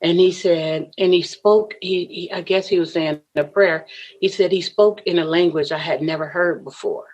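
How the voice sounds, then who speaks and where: Low-voiced woman telling a personal story. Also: steady tone, normal speed, a little mellow, muffled recording. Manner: earnest, laughs often between lines. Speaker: podcast guest.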